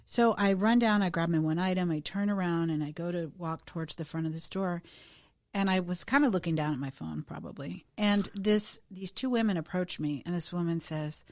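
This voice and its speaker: A woman's voice: fairly low pitch, no room sound. A woman co-hosting a podcast, telling a personal story in a chatty, self-deprecating way with the odd swear word. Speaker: podcast co-host. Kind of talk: casual storytelling chat.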